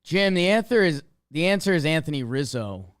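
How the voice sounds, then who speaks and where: A man's voice: fairly high pitch, sing-song, moderate pace, smooth. A man co-hosting a sports podcast, easygoing and ribbing his partner playfully. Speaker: podcast co-host. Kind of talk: casual sports podcast banter.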